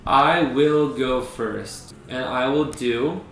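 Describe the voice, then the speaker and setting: A man's voice: mid-range voice, slow, creaky. Joking young man, echoey room. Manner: joking, playfully boastful. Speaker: podcast co-host. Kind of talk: casual chat. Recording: echoey room, faint background noise.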